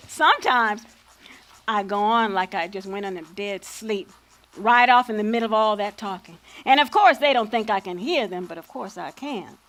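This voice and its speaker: A woman's voice: medium pitch, lively intonation, normal speed, a bit bright, lightly acted. A woman playing a spirited older freedom fighter on stage. She tells stories in a folksy vernacular, by turns playful and defiant. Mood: amused. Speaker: lead actor. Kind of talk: stage acting.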